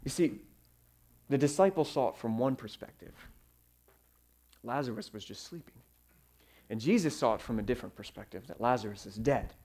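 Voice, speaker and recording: A man preaching a sermon, telling stories with fillers and sudden swings in loudness. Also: medium pitch, animated, moderate pace, pauses often, soft background music. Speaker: pastor.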